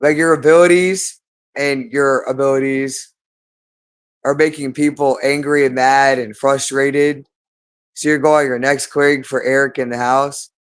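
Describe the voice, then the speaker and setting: A man's voice: mid-range voice, level tone, unhurried, clear, resonant tone. A man delivering an agitated, rambling monologue, repeating himself and swearing often. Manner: agitated, repetitive, profane.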